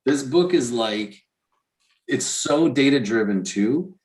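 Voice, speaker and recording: A man's voice: medium pitch, animated, slow pace. A man co-hosting a podcast in casual chat, rambling with enthusiasm and many restarts. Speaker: podcast co-host.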